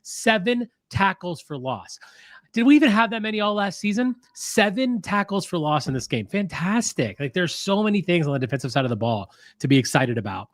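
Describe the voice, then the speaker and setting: A man's voice: sits high, very animated, brisk, no room sound. Emphatic man on a dry mic. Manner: enthusiastic, emphatic analysis. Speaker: podcast co-host. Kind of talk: casual sports podcast chat.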